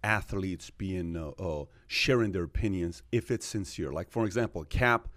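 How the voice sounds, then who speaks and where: A man's voice: low-pitched, moderate pace, a bit bright, no echo, clean studio sound. A man hosting a casual podcast discussion, telling stories animatedly and acting out quoted exchanges, with frequent fillers. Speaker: podcast host.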